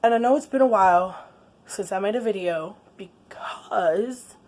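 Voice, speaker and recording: A woman, chatting casually in a late-night home vlog, laid-back with quiet asides. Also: medium pitch, measured pace. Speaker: vlogger. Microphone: camera on a stand.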